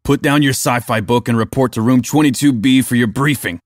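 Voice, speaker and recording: A man voicing a gruff, lazy police sergeant who growls his blunt, crude orders. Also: mid-range voice, brisk, no room sound, clean studio sound, close to an everyday voice. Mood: grumbling.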